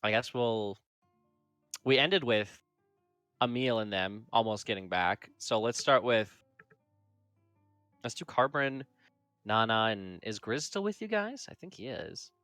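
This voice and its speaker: A man's voice: on the low side, animated, pushed and bright, dry recording. Male game master, rambling narration, dry close sound, faint music behind. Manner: rambling, full of fillers like "like" and "kinda"; shifts into quick voiced quotes for characters.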